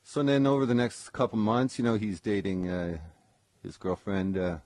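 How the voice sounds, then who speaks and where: A man's voice: fairly low pitch, moderate pace, a little mellow, no room sound. A man, a former session guitarist, telling a personal story in a casual live stream, rambling with lots of ums and self-corrections.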